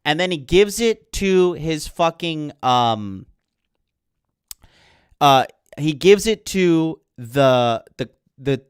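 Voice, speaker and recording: A man's voice: on the high side, lively intonation, extremely slow, clear, resonant tone, no room sound, studio quality. Profane ranting male podcast host. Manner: profane, heated, sarcastic. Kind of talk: ranting film commentary.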